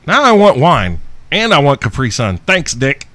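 A man hosting his own podcast, reading listener questions in a brash, profane, boastful way, with loud outbursts and laughs. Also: a little high, wildly swooping pitch, normal speed, no room sound. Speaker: podcast host.

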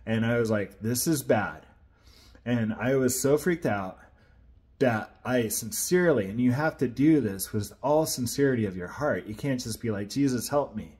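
A man's voice: mid-range voice, animated, normal speed, a little mellow. A man sharing an earnest personal faith testimony, retelling events in a casual, rambling way.

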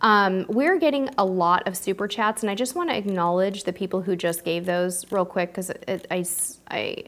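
Hosting a live stream with cruise advice, a woman speaks at a moderate pace in a mid-range, fairly bright voice. She chats warmly, answering questions from viewers and thanking those who support her.

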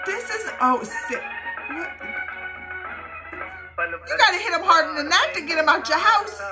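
A woman hosts a reaction video, exclaiming, laughing a lot, and talking back to the screen in casual commentary. Her extremely high voice is very animated and a little slow. The audio is poor, with loud music playing behind her.

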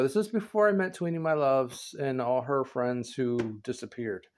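A man rambling in a casual, goofy vlog from an indoor showroom, laughing often and jumping from quiet mutters to loud high shouts. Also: normal speed. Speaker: vlogger. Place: indoor showroom with a concrete floor.

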